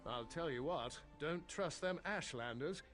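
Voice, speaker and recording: A man's voice: fairly high pitch, expressive, a little slow, fairly bright tone, soft background music. An actor playing a folksy male caravaner in a video game, sharing rumors and offering rides. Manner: folksy, conspiratorial.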